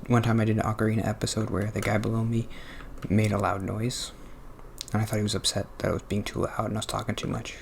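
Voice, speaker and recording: Hushed, gravelly-voiced man murmuring close. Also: lowish voice, a little hiss or hum. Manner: hushed, half-whispered, self-conscious talk. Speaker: let's play host. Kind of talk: casual gameplay commentary. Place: apartment room. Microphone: close mic.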